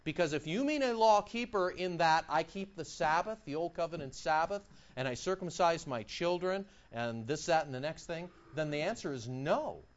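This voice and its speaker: A male pastor preaching a sermon, animated and emphatic, firing off mocking rhetorical questions. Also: on the high side, moderate pace, hardly any pauses, dull audio.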